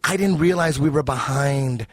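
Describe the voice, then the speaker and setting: A man telling a story in excited, profane casual chat, often shouting out quoted lines. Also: medium pitch, moderate pace, husky, no room sound. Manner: animated, profane, acts out phone call in shouts. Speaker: podcast guest.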